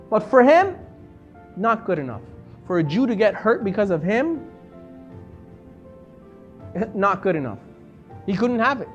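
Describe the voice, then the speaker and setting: Animated rabbi telling a story. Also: male voice, a little slow, long pauses, faint music behind. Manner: animated storyteller, acting out quoted voices, pitch swinging from soft to loud. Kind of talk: storytelling lesson.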